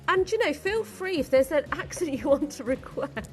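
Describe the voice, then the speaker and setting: A woman's voice: sits high, lively intonation, moderate pace, faint music behind. A woman presenting on a live shopping channel, chatty, giggly and enthusiastic as she sells jewellery.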